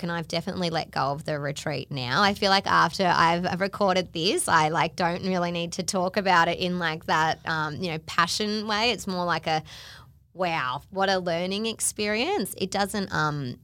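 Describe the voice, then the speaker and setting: A woman chatting casually on a podcast, telling a long story and acting out the people she quotes, with lots of "like". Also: lowish voice. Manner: animated, acts out quoted voices, frequent "like".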